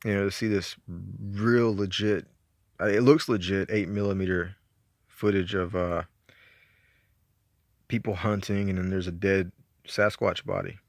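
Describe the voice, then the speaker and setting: Low-voiced Southern man rambling about movies. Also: level tone, unhurried, gravelly, long pauses, no echo, clean studio sound. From Georgia, US. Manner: rambling, laid-back, profane, laughs often. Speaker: movie collector reviewing his collection. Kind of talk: casual chat.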